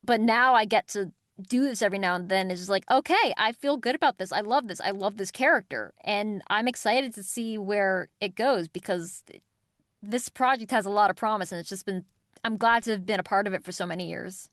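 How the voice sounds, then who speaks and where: A young adult woman, a voice actress, chatting in an interview, lively and quick to laugh. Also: mid-range voice, no room sound, studio quality. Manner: lively, laughing, reads aloud from notes. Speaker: voice actress guest. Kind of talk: casual interview chat.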